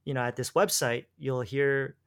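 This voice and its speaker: A man in relaxed conversation tells a long personal story. He rambles, restarts his sentences and drops in slang like "bro". His voice sits at an ordinary middle pitch. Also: normal speed, creaky, clean tone. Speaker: guest telling his faith story.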